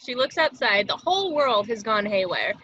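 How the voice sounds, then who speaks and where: A woman reading stage directions in a plain, even way over a video call. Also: fairly high pitch, moderate pace, breathy edge, dry recording, lo-fi sound.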